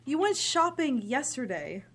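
An actress playing a bitter, cynical grown daughter who talks with sarcastic scorn. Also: female voice, sits high, sing-song, a little slow, slightly rough, exaggerated voice. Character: bitter cynical adult daughter living at home. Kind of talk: drama scene.

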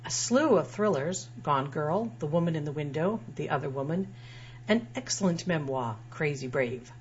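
A woman's voice: low-pitched, lively intonation, normal speed, a little mellow. A woman writer reading her own personal essay aloud in a wry, dryly humorous way. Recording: dull lo-fi sound with faint hum.

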